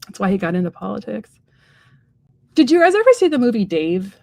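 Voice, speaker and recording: A woman's voice: mid-range voice, very animated, a little fast, creaky, darkish tone, no echo. A middle-aged woman hosting a casual livestream chat, rambling and enthusiastic with lots of fillers. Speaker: psychic medium and livestream host.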